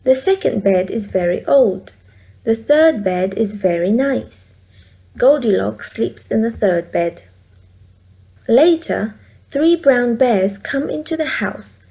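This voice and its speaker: Brief: Vietnamese-accented mother reading aloud, slightly high voice, clear and slow. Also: expressive, dark tone. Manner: slow, clear, simple sentences. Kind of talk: storybook read-aloud.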